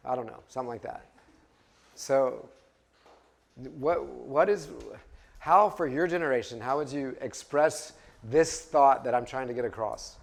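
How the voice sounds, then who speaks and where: A man teaches a faith lesson in an easy, conversational way, putting questions to the room as he goes. He often circles back and restarts his phrases mid-thought, and his pitch sits in a middle range. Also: normal speed, vocal fry. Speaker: Bible study teacher. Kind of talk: interactive class teaching.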